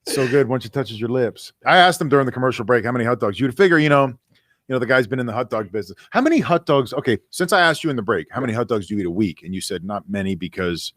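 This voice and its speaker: A man's voice: medium pitch, animated, a bit bright, no room sound, clean studio sound. A man co-hosting a casual sports talk show, telling long rambling stories and tripping over his words. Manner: rapid rambling storyteller, stumbles and repeats words. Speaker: co-host. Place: radio studio.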